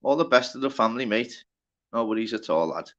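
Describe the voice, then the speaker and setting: A man's voice: mid-range voice, animated, fairly quick, fairly bright tone, highs cut off. A man with a Liverpool accent hosting a casual live stream, chatty and sweary, greeting viewers by name. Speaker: livestream host.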